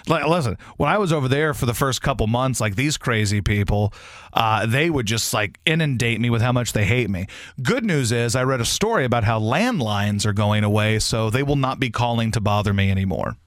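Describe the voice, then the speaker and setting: Animated man ranting on sports radio. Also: fairly quick, no echo, clean studio sound. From grew up in Baton Rouge, Louisiana. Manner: animated, ranting, mocks fans in high squeaky put-on voices. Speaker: radio fill-in host. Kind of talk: sports talk radio rant. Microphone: studio microphone.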